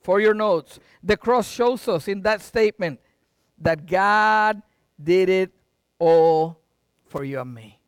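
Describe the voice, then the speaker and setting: A middle-aged man pastor preaching a sermon, with dramatic swings between loud and quiet and folksy asides to the congregation. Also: sits high, lively intonation, slow, clean tone, no echo, clean studio sound.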